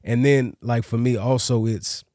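A man's voice: mid-range voice, fairly even intonation, a little slow, warm tone, no room sound, clean studio sound. A man hosting a podcast in casual chat, laid-back and slangy, turning reflective. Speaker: podcast host.

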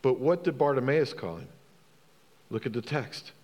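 A man's voice: medium pitch, expressive, normal speed, darkish tone, in a large hall. A man, a pastor, preaching a sermon, emphatic, asking the congregation questions and repeating key phrases.

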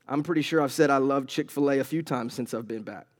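A male pastor preaching a sermon, moving from relaxed storytelling to emphatic, raised preaching. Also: fairly high pitch, normal speed. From United States.

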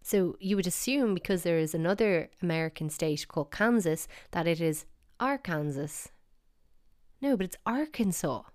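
An Irish woman hosting a podcast, talking casually in a playful, animated, mock-baffled way. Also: lowish voice, fairly quick, few pauses, no echo, studio quality. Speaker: podcast host. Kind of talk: casual solo podcast talk.

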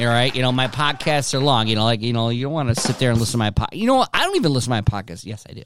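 A man's voice: medium pitch, lively intonation, racing, hardly any pauses, background noise. A man hosting his own podcast from home, rambling casually with lots of swearing and self-directed jokes. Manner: profane, rambling, joking with himself. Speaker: podcast host.

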